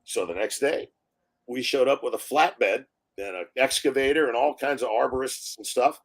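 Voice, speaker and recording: A man's voice: medium pitch, moderate pace. A man, a film director, telling stories in a live interview, acting out quotes and laughing often. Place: live online stream.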